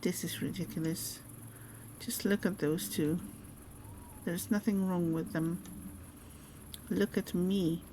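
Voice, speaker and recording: A woman's voice: lowish voice, fairly even intonation, slow pace, pauses often, noisy background. A woman reading aloud the lines of a grumpy injured patient who complains and accuses others of faking. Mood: indignant.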